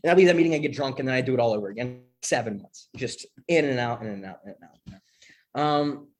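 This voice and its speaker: A young man candidly telling his recovery story in a profane, animated way, often checking in with "right?". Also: mid-range voice, fast.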